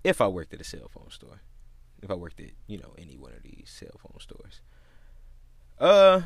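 Animated, profane man telling a story. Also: fairly low pitch, normal speed, vocal fry, pauses often, no echo. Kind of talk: casual storytime rant.

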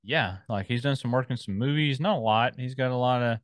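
A podcast co-host chats casually, rambling while he scrolls through and reads out film listings. His medium-pitched voice runs a little fast, and the recording has no echo.

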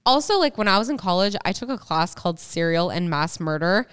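Chatty young woman, very clear voice. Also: lowish voice, a little fast. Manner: chatty, animated storytelling. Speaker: podcast co-host. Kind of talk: casual chat.

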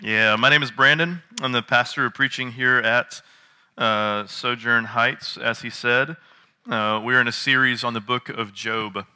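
A man in his late thirties, a pastor, preaching a relaxed, conversational sermon full of jokes and filler words. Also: mid-range voice. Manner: chatty and joking, lots of filler words.

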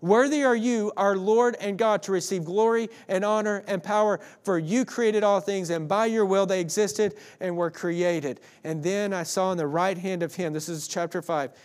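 A man's voice: sits high, moderate pace, hardly any pauses. A man pastor reading scripture aloud with emphasis in a sermon, closing in prayer.

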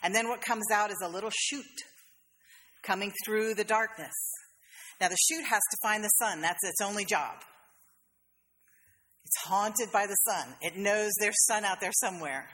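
Bright-voiced woman preaching. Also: medium pitch, big-room sound. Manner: conversational storytelling, playful asides. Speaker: pastor. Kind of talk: sermon. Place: church sanctuary.

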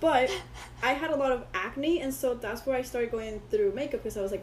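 A woman's voice: on the high side, fairly quick, slight background noise, poor audio. Chatty woman telling stories. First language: Spanish. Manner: rambling storyteller who acts out quoted people. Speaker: guest. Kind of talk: casual interview chat.

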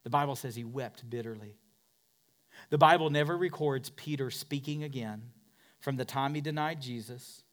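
Here a man preaches a sermon in a medium-pitched voice, acting as a pastor. He drives points home through repetition, moving between booming shouts and hushed whispers.

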